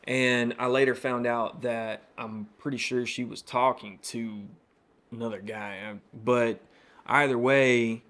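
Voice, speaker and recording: A man's voice: medium pitch, steady tone, measured pace, a bit bright. A man hosting his own podcast, telling a personal story in a candid, conversational way full of fillers and asides. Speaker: podcast host.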